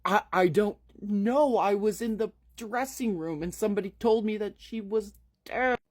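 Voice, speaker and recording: A man's voice: sits high, monotone, extremely slow, warm tone, no room sound, studio quality, pitched above the performer's own voice. A man doing a distraught young woman's cry. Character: young woman, panicked and grieving.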